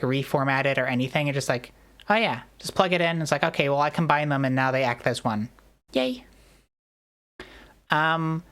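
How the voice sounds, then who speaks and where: A woman streamer in casual chat, rambling and joking at her own expense. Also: deep voice. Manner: rambling, self-deprecating, jokey.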